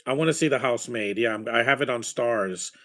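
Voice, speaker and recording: Talking fairly quickly in a mid-range, slightly bright voice, a man reacts as he watches a movie. He rambles casually and eagerly about films and the scores behind them.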